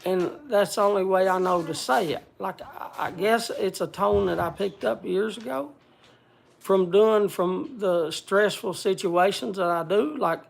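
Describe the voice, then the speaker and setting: A man speaking bluntly to a group in casual talk, halting often and restarting his sentences. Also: sits high, vocal fry. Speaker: speaker addressing a group gathering.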